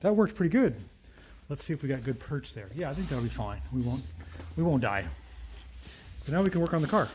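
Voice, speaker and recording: A man's voice: fairly high pitch, expressive, a little fast, long pauses, darkish tone, a little hiss or hum. A middle-aged man running a casual vlog in his auto repair shop, talking friendly through each step as he works. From United States. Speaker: mechanic and channel host. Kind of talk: casual shop vlog, explaining while working.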